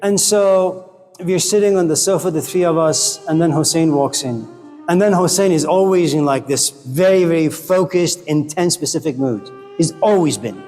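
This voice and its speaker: A man's voice: a little high, moderate pace, dark tone, big-room sound, soft background music. A man lecturing a college class, passionate and blunt, with casual swearing.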